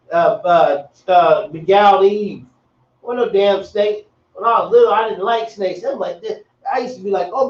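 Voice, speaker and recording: Slangy man teaching across an echoey room. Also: sits high. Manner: relaxed, slangy, repeats himself. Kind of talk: casual classroom teaching. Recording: echoey, distant, dull room sound.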